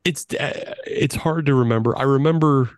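A man co-hosting a beer podcast, his voice at an ordinary middle pitch, blunt and quick to curse and laugh. The recording is close and completely dry. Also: dry recording. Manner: blunt, sweary, laughs often. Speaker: podcast co-host. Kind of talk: casual chat over beers.

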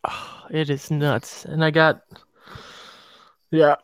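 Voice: medium pitch, level tone, takes it slowly, clear, resonant tone, dry recording. A host of a casual radio show talking in a loose, wry, playful way. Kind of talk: casual chat.

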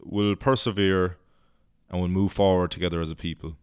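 Irish male podcast host, low and smooth, dry booth sound; loose comic rambler who swears freely. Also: steady tone, normal speed, no room sound. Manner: rambling, swearing, goofy put-on voices. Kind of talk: casual comedic monologue.

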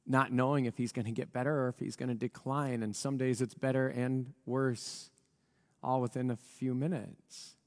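A male pastor giving a sermon in an earnest, reflective way, his voice a little rough, with pauses and restarts. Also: mid-range voice, darkish tone, big-room sound. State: voice a little rough from recent strain.

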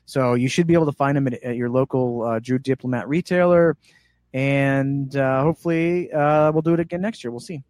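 A man telling a story in casual chat as a guest, animated and acting out the voices of the people in it. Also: medium pitch, brisk, no room sound. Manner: animated, acts out quoted voices.

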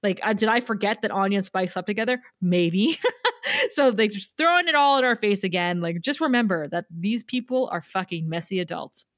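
A woman co-hosting a podcast, casually recapping an episode in an animated way, quoting lines and laughing often. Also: mid-range voice, fairly quick, dry recording, clean studio sound. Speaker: podcast co-host.

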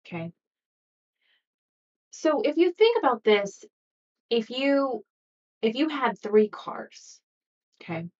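A woman hosting a motivational podcast, talking gently and coaching her listeners, sometimes acting out anxious inner voices. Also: medium pitch, far from the mic, highs cut off. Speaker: podcast host. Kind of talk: motivational solo podcast talk.

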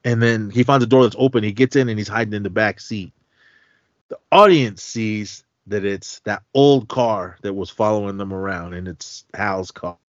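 A man's voice: fairly low pitch, dry recording, dull audio. A man hosting a podcast, casually retelling a movie's plot in a rambling style full of fillers. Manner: rambling, filler-heavy storytelling. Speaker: podcast host.

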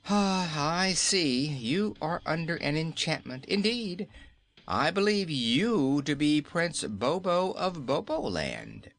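A man's voice: on the high side, sing-song, normal speed, gravelly, hardly any pauses, a bit bright, voice pushed up, full character voice. A man voicing a kindly, wise old male wizard who exclaims and explains. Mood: curious.

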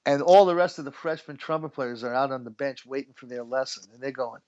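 A man's voice: mid-range voice, fast, a little mellow, dull audio. Chatty middle-aged man telling stories. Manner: chatty, laughs often, many fillers. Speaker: guest musician. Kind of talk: relaxed storytelling interview.

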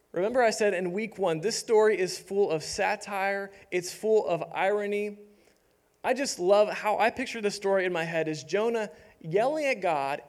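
A young man preaching a sermon, animated and humorous, acting out voices from the story. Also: high-pitched. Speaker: pastor.

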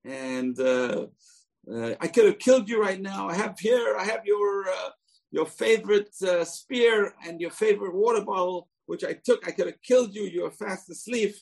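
A man putting on a high pleading young man. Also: moderate pace, creaky. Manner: earnest, raised and pleading.

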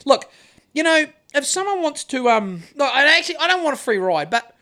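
A woman with a fairly high voice that rises and falls a lot, chatting from her couch as co-host of a live podcast. She rambles, restarts her sentences and swears freely, sitting right up against the phone that records her. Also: very animated, a little fast, fairly bright tone. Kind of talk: casual chat livestreamed from a couch. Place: living room couch. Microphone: phone held close to her.

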